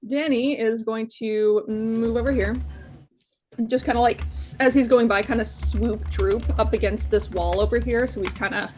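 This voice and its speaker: A woman's voice: on the high side, fairly even intonation, moderate pace, a little mellow, slight background noise. A woman playing a tabletop game, talking casually and thinking aloud as she decides her moves. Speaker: player.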